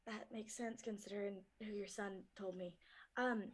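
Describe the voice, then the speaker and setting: A woman voicing a shy, hesitant adventurer in a tabletop game, speaking softly and haltingly. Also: mid-range voice, steady tone, crowd noise, voice pushed down, natural voice. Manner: hesitant, halting, soft-spoken.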